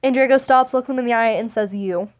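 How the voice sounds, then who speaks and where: Reading fan memes aloud in a high-pitched voice, a woman interrupts herself with sarcastic asides, laughing often and swearing freely. She talks fast, with fairly even intonation.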